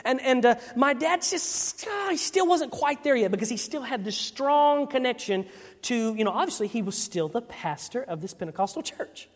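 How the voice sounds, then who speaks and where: A man's voice: very high-pitched, normal speed. Man preaching in a reverberant hall. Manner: animated storyteller, acts out quoted voices. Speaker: preacher giving testimony. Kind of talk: sermon testimony storytelling.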